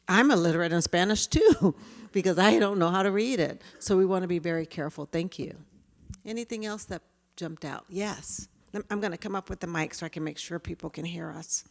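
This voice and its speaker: Woman, presenter, interactive talk, lower voice, hall echo. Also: gravelly. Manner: lively, engaging the audience. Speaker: workshop presenter. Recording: hall reverb.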